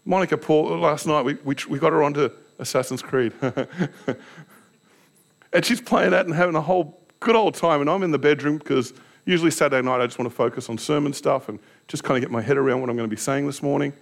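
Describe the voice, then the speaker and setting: A man preaching a sermon in a fairly high voice. He tells stories against himself with candor and keeps turning to his listeners with rhetorical questions. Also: quick pace, vocal fry. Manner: candid, self-deprecating storytelling with rhetorical questions. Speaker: pastor.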